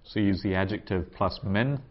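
A man teaching a Hebrew grammar class around a table, explaining patiently and sounding out words slowly. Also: low voice, muffled recording.

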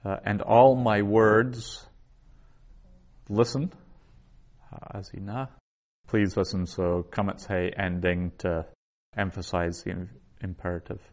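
A man teaching a class in a slow, deliberate lecture, spelling out each word and repeating it before he explains it. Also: low-pitched, steady tone, darkish tone. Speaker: Biblical Hebrew teacher.

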